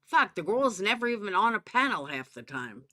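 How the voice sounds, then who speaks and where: A commentary YouTuber with a Southern US accent rants about drama, profane and sarcastic, calling people out directly. Her mid-range voice swings widely in pitch at a moderate pace, bright and forceful, with a faint hiss or hum.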